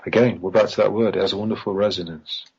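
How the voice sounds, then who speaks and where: A man's voice: lowish voice, steady tone, fast talker, darkish tone, husky. A man talking as a podcast guest in casual conversation, rambling and emphatic, firing off pointed questions. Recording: dull lo-fi online call audio.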